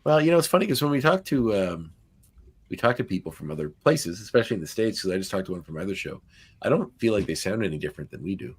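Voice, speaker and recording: A man's voice: fairly low pitch, sing-song, fast talker, slightly rough. A man with a Nova Scotian accent hosting a podcast, chatting loosely with lots of fillers and restarts. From Canada. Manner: meandering, many fillers and restarts. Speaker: podcast host. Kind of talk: casual podcast chat.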